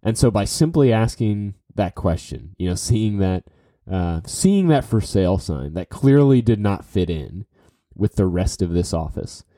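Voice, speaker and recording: Man, casual storytelling, rambling with fillers, low voice, warm tone. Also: sing-song, unhurried, dry recording, clean studio sound. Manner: rambling, with many fillers and restarts.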